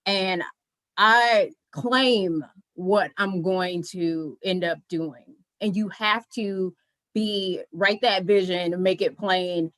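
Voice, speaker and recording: A woman's voice: on the low side, fairly bright tone, dry recording, rough recording. Woman panelist, upbeat career advice, step by step, dry close mic sound. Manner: brisk, encouraging, lists steps. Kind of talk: motivational advice.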